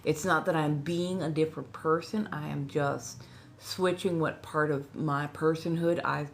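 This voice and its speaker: A Southern California woman with a Californian accent hosts an ASMR livestream, chatting casually with her chat and often repeating herself while she reads and responds. Her voice sits low, with a steady tone and a measured pace. There's slight background noise.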